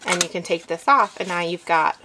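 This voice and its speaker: A woman hosting a craft tutorial, explaining each step in a relaxed instructive way with some fillers as she works. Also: on the low side, fairly quick, noisy background. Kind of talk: demonstration, talking while working.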